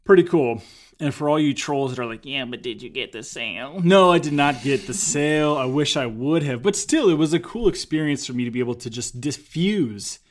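A man co-hosting a casual conversation, telling stories and giving advice in an animated way. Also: fairly high pitch, a little fast. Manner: storytelling, animated when acting out quotes. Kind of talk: casual chat.

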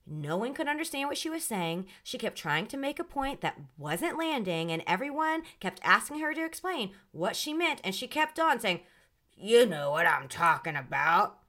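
A woman's voice: sits high, sing-song, normal speed, hardly any pauses, pushed and bright. A woman hosting a solo podcast, outspoken and sassy. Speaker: podcast host.

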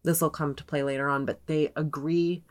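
A woman's voice: low voice, steady tone, normal speed, a little mellow. A young adult woman co-hosting a podcast, casually retelling a story, peppering it with "like" and quoting people in her own voice. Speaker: podcast co-host.

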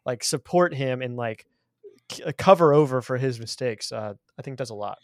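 A man chatting casually on a podcast, animated and mocking as he retells scenes. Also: mid-range voice, moderate pace, no echo, studio quality. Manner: animated, mocking impressions of characters. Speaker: guest podcaster.

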